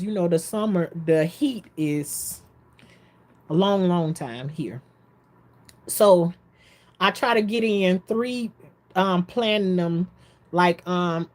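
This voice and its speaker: A woman vlogging in a casual, excitable storytelling style, rambling between topics and talking straight to her viewers. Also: mid-range voice. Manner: chatty, folksy, addresses viewers directly.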